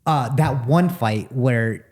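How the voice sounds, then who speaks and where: A man's voice: medium pitch, slow, a little mellow. Guy host asking questions, kinda rambly, lots of um and you know. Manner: rambling questions with fillers and restarts. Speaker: interviewer, host. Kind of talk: casual interview questions.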